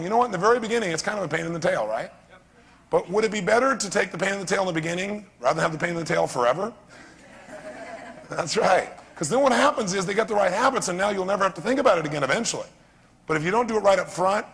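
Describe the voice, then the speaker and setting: A man giving an animated live seminar talk as a motivational speaker, often quizzing his audience with questions. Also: sits high, creaky, slightly rough. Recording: long reverb of a seminar hall.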